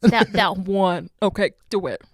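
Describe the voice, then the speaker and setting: A woman's voice: mid-range voice, a little slow, no room sound, studio quality. A young woman hosting a podcast in casual chat, bubbly and casually swearing. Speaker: podcast host.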